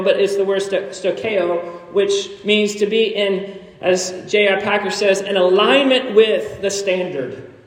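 A high-pitched man preaching a sermon in a church sanctuary. He delivers it animatedly, pushing to near shouts and slipping in quick jokes. The sound carries a long hall echo from some distance off the mic. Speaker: pastor.

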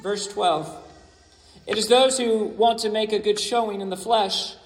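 A man's voice: high-pitched, steady tone, measured pace. A man preaching a sermon as pastor, emphatic and repeating his key phrases. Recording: echoey hall.

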